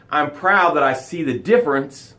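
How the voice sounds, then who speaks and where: A middle-aged man hosting a live motivational session. His voice sits a bit high, and he talks emphatically. He reads viewer comments aloud, then swings from loud, dramatic pushes to soft, quiet lows.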